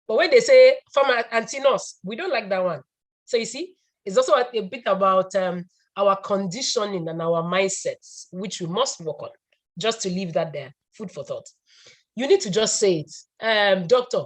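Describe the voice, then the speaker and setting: Woman, pharmacist panelist, video call, chatty, repeats herself. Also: medium pitch. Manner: chatty, laughing asides, repeats points. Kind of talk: answering a question on a video call.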